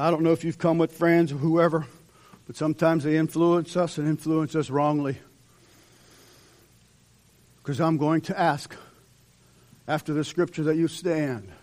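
A man's voice: on the high side, a little mellow. A male pastor preaching an impassioned sermon in a church, voicing dramatic quotes as he leads into an altar call. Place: church sanctuary.

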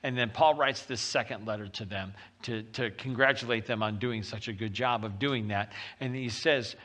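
A man preaching a sermon as pastor, talking in a lively, conversational way and reading scripture aloud with rising intensity. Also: on the low side, normal speed. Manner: animated and conversational, often acting out quotes.

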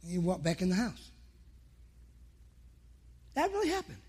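A man's voice: sits high, wildly swooping pitch, normal speed, darkish tone, slightly rough. A man preaching a sermon to men, telling a personal story in an emphatic way and acting out past conversations. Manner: emphatic, acts out his own past dialogue.

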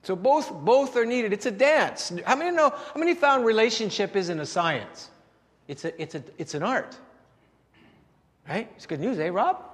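A man's voice: high-pitched, animated, moderate pace. A man preaching a sermon in a conversational way, often repeating words and asking the congregation rhetorical questions. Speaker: pastor. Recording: long hall reverb.

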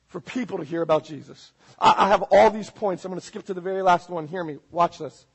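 Husky-voiced preacher, high and impassioned. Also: male voice, steady tone, fast, few pauses, rough recording. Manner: swings from loud urgent preaching to hushed intensity. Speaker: pastor. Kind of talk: sermon. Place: church.

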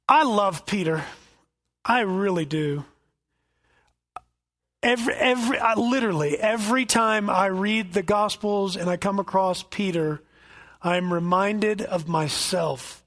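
A man's voice: sits high, a little slow, a bit bright. A male pastor giving an expository sermon with folksy asides and jokes.

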